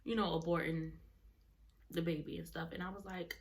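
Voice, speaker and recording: A woman's voice: lowish voice, steady tone, moderate pace, creaky. A young adult woman vlogger telling a personal story in casual, rambling talk, often correcting herself mid-sentence. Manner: rambling, self-correcting, colloquial.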